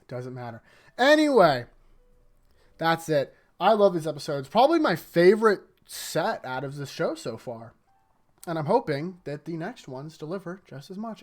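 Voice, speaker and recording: Male vlogger, slightly high voice, chatty and animated, tossing in impressions. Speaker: anime recap YouTuber. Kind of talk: casual rambling recap. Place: indoors in front of a green screen.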